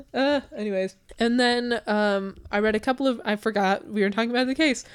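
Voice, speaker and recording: Her voice is fairly high and smooth, at a moderate pace. She's an American host of a casual true crime podcast, chatting loosely with many fillers and laughing a lot.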